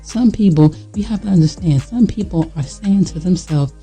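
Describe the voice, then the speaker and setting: A vlogger talks straight to the viewer in a raw, emphatic monologue, slangy and repetitive. The voice is deep in tone, mellow and husky. Soft music plays faintly in the background. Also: normal speed, hardly any pauses, low-quality recording. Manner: emphatic, blunt and preachy, talking straight to the viewer; casual slangy speech with fillers and repeats. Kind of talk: candid motivational monologue.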